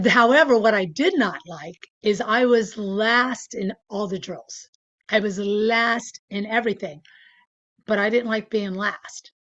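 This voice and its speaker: A woman in her sixties, guesting on an interview, tells stories casually with plenty of fillers and frequent laughter. Her mid-range voice is fairly bright, with lively intonation and a slightly slow delivery, and the sound quality is lo-fi.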